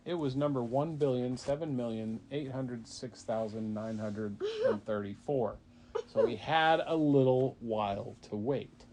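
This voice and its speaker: A man's voice: mid-range voice, darkish tone, a little hiss or hum. A man, a parent, making up a bedtime story for a child in a casual, rambling way with fillers.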